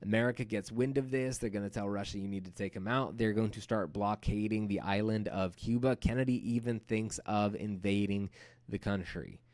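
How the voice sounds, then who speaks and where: A man teaching a recorded history lecture in a casual, lively storytelling way. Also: lowish voice, normal speed. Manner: casual, animated storytelling with playful acted-out quotes.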